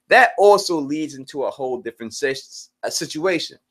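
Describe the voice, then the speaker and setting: A man's voice: on the high side, lively intonation, brisk, fairly bright tone. A man hosting a live stream Q&A, talking earnestly, repeating points and restarting sentences as he explains his view. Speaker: channel host.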